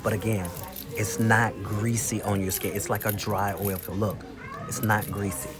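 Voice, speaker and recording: A man chatting casually to camera in a weekly vlog, telling stories and showing off products in an animated, talkative way. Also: lowish voice, moderate pace, music in the background. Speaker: vlogger. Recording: noticeable background noise.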